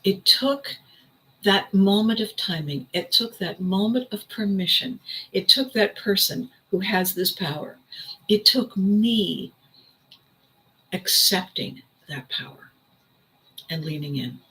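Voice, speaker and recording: A woman hosts her own vlog, telling a personal story in a loose, casual way. Her voice is bright, and she laughs often as she talks. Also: medium pitch, takes it slowly, low-quality recording. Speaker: vlog host.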